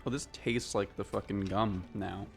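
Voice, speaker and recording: A man chatting casually on a gaming stream through a headset, rambling and cutting himself off with quick laughs. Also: on the low side, fairly even intonation, creaky, soft background music.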